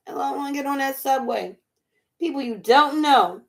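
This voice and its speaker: High-voiced woman. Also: moderate pace. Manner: animated, laughs often, riffs in bits and asides. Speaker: vlog host. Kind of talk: casual chat while eating dinner.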